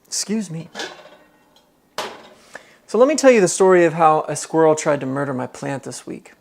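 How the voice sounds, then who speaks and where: Broadcasting live from his home kitchen, a man chats casually, reads out viewer comments, and thinks aloud while cooking. His voice sits on the high side with big pitch swings, a moderate pace, and vocal fry.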